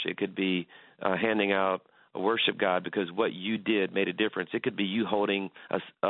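A pastor appears as a guest on a radio interview over a tinny, dry phone line. His voice is lowish. He speaks earnestly and tells stories, restarting often.

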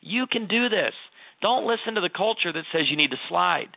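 A man's voice: sits high, expressive, fairly quick, gravelly, dry recording. A middle-aged man giving earnest advice, telling stories with emphasis in a conversational talk. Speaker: guest author. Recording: tinny phone-like line.

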